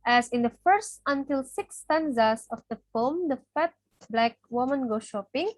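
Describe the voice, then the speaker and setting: A woman's voice: sits high, lively intonation, measured pace, a little hiss or hum, poor audio. A young woman, a student from Indonesia whose first language is Indonesian, reading her class presentation steadily from notes. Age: young adult. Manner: reads steadily from notes, listing terms.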